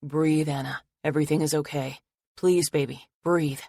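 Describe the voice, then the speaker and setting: A woman voicing a protective young man in an audiobook, urgent on the phone and gentle when comforting. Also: a little high, fairly even intonation, normal speed, gravelly, no echo, clean studio sound. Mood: soothing. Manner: urgent then gentle and soothing.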